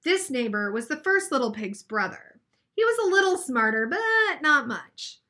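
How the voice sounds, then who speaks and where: A woman's voice: high-pitched, very animated, moderate pace, bright, forceful tone, exaggerated voice. A woman reading as a sly storybook wolf. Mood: wry. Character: sly smooth-talking male wolf defending himself.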